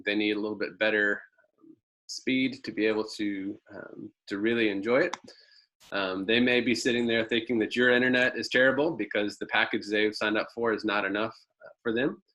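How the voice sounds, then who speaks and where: A man's voice: fairly low pitch, a bit bright, rough recording. A man presenting a marketing webinar over a video call, telling a folksy story with lots of ums and uhs.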